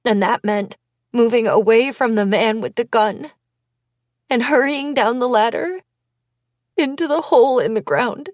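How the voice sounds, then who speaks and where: A woman narrating an audiobook in the first person, taking her time with every phrase. Her voice sits a touch high, unhurried and measured, recorded close and dry. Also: dry recording.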